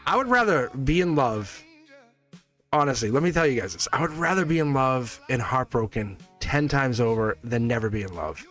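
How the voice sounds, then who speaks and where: A man's voice: mid-range voice, animated, normal speed, fairly bright tone, soft background music. Chatty man hosting a tarot stream. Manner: rambling, chatty, laughs often. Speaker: tarot reader and host. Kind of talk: casual livestream tarot chat. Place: his own studio.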